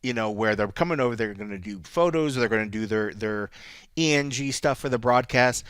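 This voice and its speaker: A man's voice: medium pitch, a little fast, a bit bright, clear, resonant tone. A man co-hosting a podcast in casual chat, rambling with lots of "like" and restarts. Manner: rambling, restarts often, says "like" a lot. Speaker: podcast co-host.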